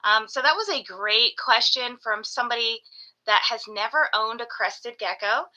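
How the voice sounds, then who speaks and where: A woman's voice: on the high side, moderate pace, pushed and bright, low-quality recording. A woman hosting a casual live stream from home, gushing over her pets and slipping into baby talk with them. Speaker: reptile breeder hosting a live sales stream.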